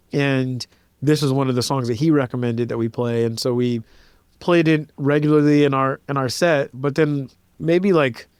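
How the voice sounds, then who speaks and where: This is a thirty-something composer and pianist in a laid-back interview, telling stories reflectively and casually while saying "like" a lot and performing quoted voices. His voice is medium-pitched, darkish, clear and resonant. The recording is studio quality, with no echo.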